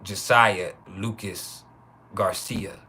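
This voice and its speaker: Livestream host, male, 30s, loose joking delivery with lots of laughs, bright and forceful. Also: on the low side, steady tone, a little hiss or hum. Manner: loose, joking, laughs often, drawn-out names. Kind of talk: casual live chat with viewers.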